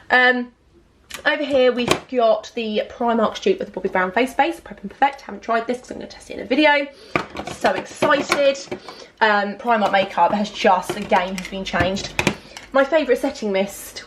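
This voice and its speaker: A young woman talks through her makeup in a chatty, excitable way, full of asides and fillers. Her pitch sits in an ordinary middle range. Faint household clatter sits behind her voice. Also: background noise. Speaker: beauty vlogger. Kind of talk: casual makeup collection vlog.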